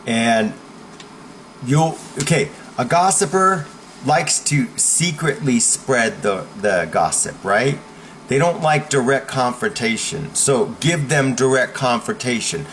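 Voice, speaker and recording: A man's voice: mid-range voice, expressive, takes it slowly, a bit bright, slight background noise, low-quality recording. A man teaching how to stand up to bullies, speaking emphatically and checking in with the listener with a frequent "okay?". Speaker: self-help teacher. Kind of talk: instructional talk.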